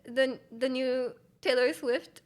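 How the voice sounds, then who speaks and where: A woman's voice: sits high, fairly even intonation, slow pace. A young Canadian woman mimicking a bubbly girl who gushes breathlessly about pop music. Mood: gushing. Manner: gushing, breathless enthusiasm.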